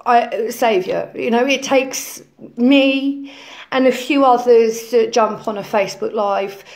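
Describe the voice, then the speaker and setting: A woman's voice: fairly high pitch, takes it slowly, a little mellow. A woman playing a self-important conspiracy influencer in a comedy parody lesson, preaching in a rambling way full of ums and repeated phrases. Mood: preachy. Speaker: lecturing influencer character.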